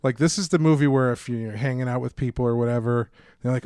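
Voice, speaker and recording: A man's voice: medium pitch, steady tone, fast talker, darkish tone, dry recording, clean studio sound. Rambling man co-hosting a film podcast. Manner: rambling, restarts, acts out quotes. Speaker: podcast co-host. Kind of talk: casual film discussion.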